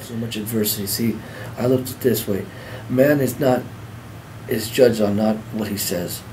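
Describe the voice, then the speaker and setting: A man's voice: fairly low pitch, steady tone, normal speed, background noise. A middle-aged man giving a heartfelt personal testimony, restarting and repeating words as he talks. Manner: earnest, heartfelt storytelling. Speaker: speaker sharing a recovery story.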